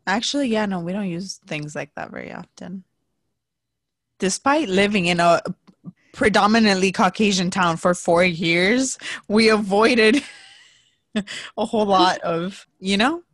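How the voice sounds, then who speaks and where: A young woman co-hosts a casual podcast, chatting freely and often breaking into laughter. She sometimes trails off into a low murmur. The recording is close and dry, with no room sound. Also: measured pace, fairly bright tone, no echo. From southern United States. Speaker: podcast co-host. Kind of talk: casual chat.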